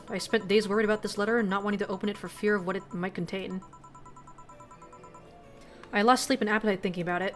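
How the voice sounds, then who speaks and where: A jaded bartender who swears freely and sounds worn out by old grief, read out by a woman. The voice sits at a middle pitch and stays plain and unforced, with faint music underneath. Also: natural voice. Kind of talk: reading game dialogue aloud.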